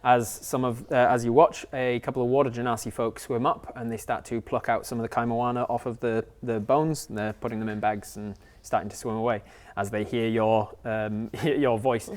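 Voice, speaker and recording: A man narrating a tabletop session as game master, mid-pitched and easygoing. He rambles through descriptions, restarting sentences and filling gaps with "uh". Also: fairly even intonation, normal speed, darkish tone. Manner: rambling, lots of fillers and restarts.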